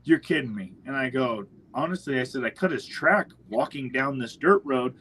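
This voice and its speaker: A young man, a podcast guest, telling animated stories in casual chat and acting out the quotes. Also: mid-range voice, moderate pace, breathy edge, poor audio. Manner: animated storyteller, acts out quotes.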